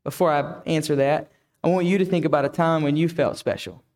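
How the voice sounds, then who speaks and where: A man's voice: on the high side, fairly even intonation, brisk, a little mellow. A man preaching a reflective sermon who asks the listeners many questions. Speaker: pastor.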